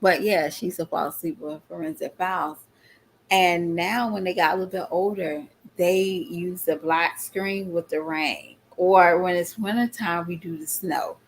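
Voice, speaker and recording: A woman's voice: lowish voice, measured pace, a little hiss or hum. A middle-aged woman chatting casually to her viewers, often laughing and calling them y'all. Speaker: vlogger.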